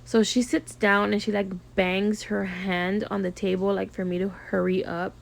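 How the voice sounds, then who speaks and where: A woman's voice: mid-range voice, level tone, moderate pace, vocal fry, a little hiss or hum. A woman who works as a nail technician tells a story casually, with lots of fillers. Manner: chatty, filler-heavy retelling. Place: home studio.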